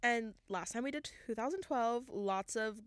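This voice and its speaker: A woman's voice: on the high side, moderate pace. A woman in her twenties co-hosting a podcast, rambling in a laid-back way with lots of fillers while smoking. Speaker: podcast co-host. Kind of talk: casual chat.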